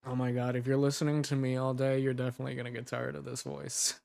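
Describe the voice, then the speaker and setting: A man's voice: mid-range voice, flat delivery, fast, vocal fry, darkish tone, no room sound. A young man, an audio drama creator, chatting casually and brainstorming ideas, rambling and laughing as he cuts himself off. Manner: rambling, giggly, self-interrupting.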